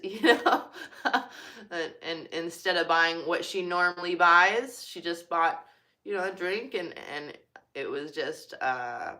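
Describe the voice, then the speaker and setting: Chatty woman with a bright, forceful voice. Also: lowish voice. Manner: chatty, filler-heavy, heartfelt. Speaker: cashier. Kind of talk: casual personal talk.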